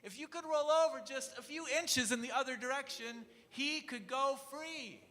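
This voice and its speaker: A man voicing a tiny, brave male mouse with a squeaky, high voice, polite and insistent, in an echoey church. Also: normal speed, bright, forceful tone. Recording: echoey church hall, faint music.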